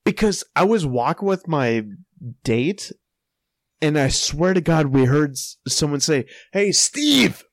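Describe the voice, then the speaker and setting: A young man casually telling a profane anecdote, breaking into loud quoted calls and laughing as he goes. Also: on the high side, a little slow, dry recording. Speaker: storyteller. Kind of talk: casual podcast storytelling.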